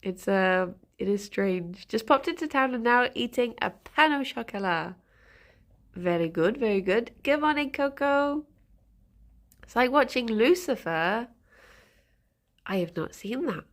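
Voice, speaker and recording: A woman chats casually with her stream viewers, giggling often and rambling between topics. Her voice sits at an ordinary middle pitch, and she sounds a little sniffly. She breaks off now and then to talk to her rabbits. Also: lively intonation, a little slow.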